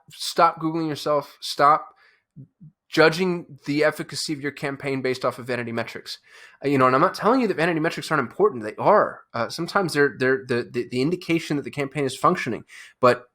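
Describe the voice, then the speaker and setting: Speaking to camera with a fairly high, slightly bright voice, an agency owner runs his own channel. His casual delivery is fired-up and emphatic, frequently broken by restarts and fillers.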